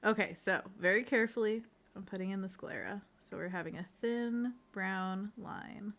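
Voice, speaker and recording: A woman's voice: medium pitch, normal speed, a bit bright. Young woman, playful, giggly, casual chat while painting. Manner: giggly and playful, laughs often. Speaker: co-host of an art livestream.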